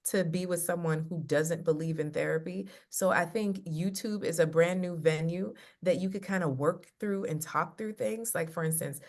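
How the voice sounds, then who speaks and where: Woman coach on a video call, kinda low voice, animated, does little voices for her stories. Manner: animated storyteller acting out quotes. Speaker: guest love coach. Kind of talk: casual chat.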